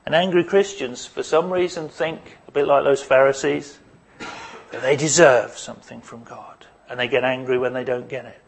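A man's voice: medium pitch, fairly even intonation, moderate pace, gravelly, breathy edge. A man preaching a sermon, putting emphatic rhetorical questions to his congregation. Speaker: pastor.

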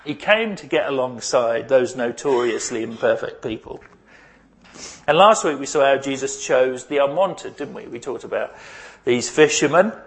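A pastor preaching a sermon and praying, talking conversationally and asking his congregation questions. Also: on the high side. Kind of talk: sermon with prayer.

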